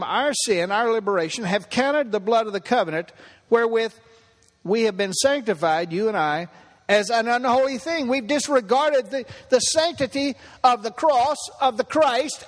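A man preaching a sermon as pastor, repeating phrases for emphasis and building to impassioned peaks. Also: very high voice. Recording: long hall reverb.

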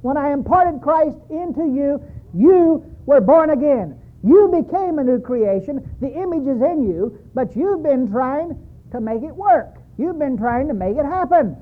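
A preacher voicing God as a calm, commanding presence, speaking slowly and gravely, heard through a tinny, phone-like recording. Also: male voice, very high-pitched. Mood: solemn. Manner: slow, grave, measured.

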